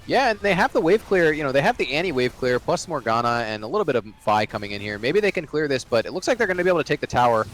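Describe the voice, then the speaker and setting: A man's voice: fairly high pitch, sing-song, quick pace, few pauses, a bit bright. A man giving analytical color commentary on an esports match, with many fillers and restarts.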